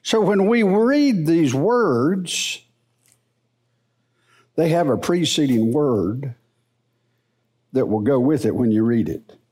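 A middle-aged man teaching the Bible in a church service, in a folksy, unhurried preaching manner. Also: on the high side, husky. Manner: slow, animated, folksy preaching.

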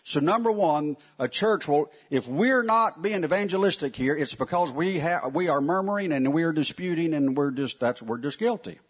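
A man preaches a sermon in a church, his voice leaping up and down as he stresses his points. His tone is folksy and direct, full of asides to the congregation, with a slightly husky edge. The recording is muffled and lo-fi. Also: fairly high pitch, lively intonation, normal speed, hardly any pauses. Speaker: pastor. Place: church sanctuary. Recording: muffled lo-fi sound.

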